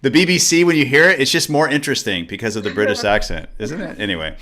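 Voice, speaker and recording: A man's voice: mid-range voice, lively intonation, fast talker, bright, forceful tone. A man hosting a community news show, upbeat and joking as he wraps up with guests. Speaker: show host.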